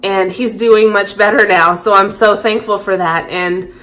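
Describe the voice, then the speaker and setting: Woman, thirties, mid-pitched; candid confessional vlogger, thoughtful and open. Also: fairly even intonation, unhurried, fairly bright tone. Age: 30s. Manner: candid, reflective, heartfelt. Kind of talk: personal confessional vlog.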